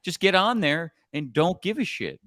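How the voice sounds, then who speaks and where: Blunt animated middle-aged man. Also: high voice, moderate pace, dry recording, clean studio sound. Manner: blunt, animated storytelling with profanity. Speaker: sales coach and podcast host. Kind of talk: casual podcast chat.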